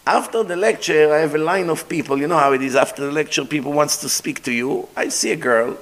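A middle-aged man giving a storytelling sermon as a rabbi, animated, acting out dialogue and mixing in Hebrew terms. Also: on the high side, fairly quick, hardly any pauses. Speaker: rabbi lecturer.

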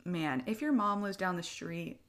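A woman's voice: on the low side, measured pace. A young woman, a military spouse, chatting in a casual, emotional way, tearful and rambling with many fillers. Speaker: podcast co-host, military spouse. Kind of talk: casual heartfelt chat.

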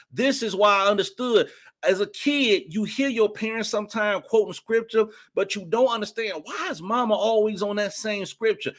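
A man preaching a fervent sermon, slipping into spoken prayer and breaking into sudden high shouts of praise. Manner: colloquial, drops into spoken prayer.

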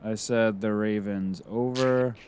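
A man's voice: on the low side, steady tone, slow, a little mellow, clear, resonant tone. A man co-hosting a casual podcast, reading out picks in an upbeat way and laughing often. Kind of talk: casual chat.

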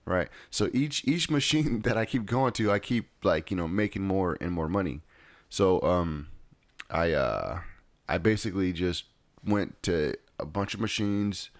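A man's voice: low-pitched, expressive, unhurried, no echo. A man casually telling a rambling story at home, often checking in with his listeners. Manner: rambling, repeats "right?". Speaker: vlogger.

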